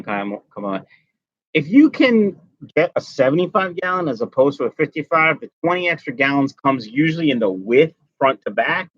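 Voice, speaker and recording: A man's voice: mid-range voice, bright, forceful tone, no room sound, highs cut off. A man hosting a casual fish-keeping live stream, chatting loosely with viewers and greeting them by name while nursing a migraine. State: has a migraine. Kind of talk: casual live stream chat reading comments.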